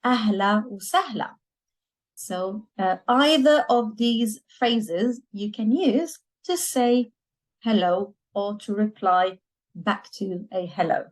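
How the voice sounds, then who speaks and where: A woman from Lebanon teaching a language lesson, slowly repeating each word so learners can copy it. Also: mid-range voice, low-quality recording. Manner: slow, deliberate, repeats words for learners to copy.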